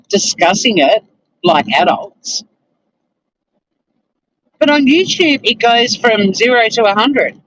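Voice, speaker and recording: A woman's voice: medium pitch, fairly bright tone, a little hiss or hum, poor audio. A woman chatting casually on a livestream, answering viewers and ranting bluntly with plenty of swearing and laughter. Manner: blunt, exasperated, swears freely, laughs often. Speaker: streamer. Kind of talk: casual livestream chat reading viewer comments.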